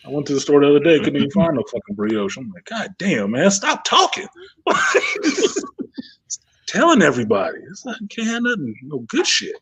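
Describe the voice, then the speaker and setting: A man's voice: on the high side, very animated, quick pace, hardly any pauses, a little hiss or hum. A man hosting a casual livestream hangout, telling profane stories and laughing often. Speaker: podcast host.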